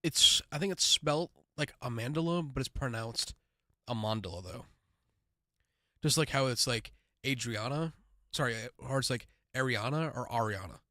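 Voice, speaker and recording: Casual male host, chatty reaction streamer with quick asides, dry close sound. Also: medium pitch, bright, forceful tone, dry recording. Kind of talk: casual live reaction chat.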